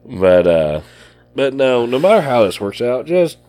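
A man's voice: medium pitch, very animated, a little slow, dark tone, no room sound, faint music behind. A man co-hosting a casual podcast, talking in a plainspoken, easygoing country way. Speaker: podcast co-host. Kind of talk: casual chat. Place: small indoor shanty.

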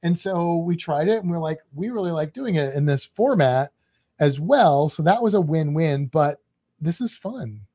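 A man's voice: on the high side, lively intonation, normal speed, mellow. A man co-hosting a podcast live stream, chatting casually, joking and reading out viewer comments. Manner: chatty, jokey, reads chat comments aloud. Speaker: podcast co-host.

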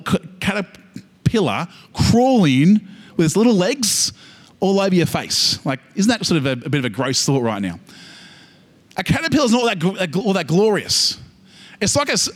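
A man with an Australian accent preaching a sermon, animated and humorous, building to emphatic peaks. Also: high voice. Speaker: pastor. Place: church service.

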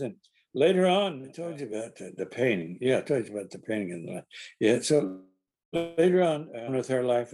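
Husky older man telling showbiz stories. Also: mid-range voice, warm tone. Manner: rambling with many restarts, acting out quoted lines. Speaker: actor guest. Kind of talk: anecdotal storytelling in conversation.

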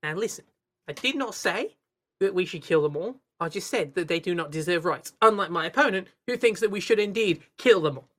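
A woman's voice: lowish voice, expressive, a little fast. A woman doing a smug bigoted old-regime president. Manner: mock-solemn political speech. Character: smug bigoted male apartheid-era president.

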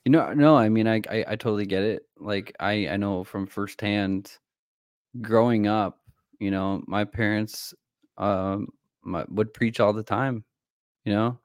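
A man co-hosts a casual faith talk in a rather low voice. He rambles haltingly and fills gaps with "you know". The sound is dry and close. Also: fairly even intonation, clean tone, no room sound. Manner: rambling, halting, many fillers. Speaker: podcast co-host.

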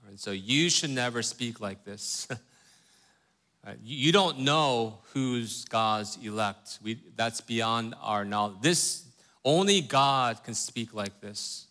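A man with a lowish, pushed and bright voice leads a Bible study, earnest and emphatic, constantly asking his listeners questions and checking in with "right?" He reads scripture slowly, building emphasis as he goes.

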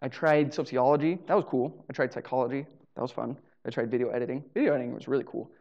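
A man's voice: medium pitch, steady tone, quick pace, darkish tone, highs cut off. A man telling a funny story live. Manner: casual, humorous, acts out dialogue. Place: live show venue.

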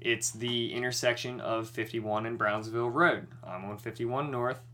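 Animated, forceful young man telling a story. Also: mid-range voice, normal speed. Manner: animated, swearing, worked-up retelling. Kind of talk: casual storytelling chat.

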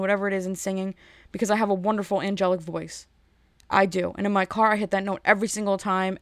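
A woman, ranting in a sarcastic, animated monologue that jumps between topics. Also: medium pitch, dry recording, studio quality.

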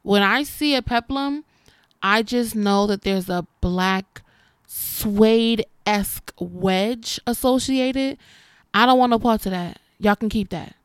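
A woman in her twenties talks to her audience with blunt, playful sass. Her voice is smooth and clear, recorded close and dry with no room sound. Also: medium pitch, slow, no echo. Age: 20s. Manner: sassy, candid, calls viewers honey. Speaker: vlogger. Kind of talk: casual talk to camera.

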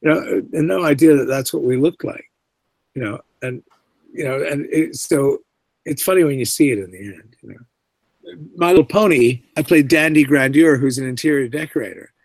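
A man, an actor being interviewed, telling stories in a lively way, acting out the lines he quotes, with lots of "you know" along the way. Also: medium pitch, moderate pace, no echo. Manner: animated, acts out quoted lines, many fillers. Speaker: voice and screen actor, guest. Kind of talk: casual interview storytelling.

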